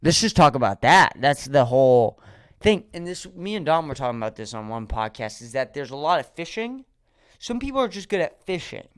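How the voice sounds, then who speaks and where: Brief: male comedian, solo podcast host, smooth voice, dry close sound, rambling and animated. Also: a little high, fairly quick, dry recording. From Erie, Pennsylvania. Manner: rambling, animated, swears freely, acts out quotes.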